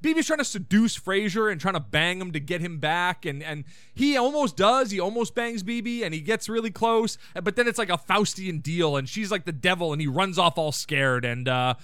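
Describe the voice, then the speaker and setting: High pitched guy doing a snarky episode recap, jumpy tone, all over the place. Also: expressive, moderate pace, few pauses, a bit bright, smooth, no echo. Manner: irreverent, ranting, sarcastic asides. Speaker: podcast host.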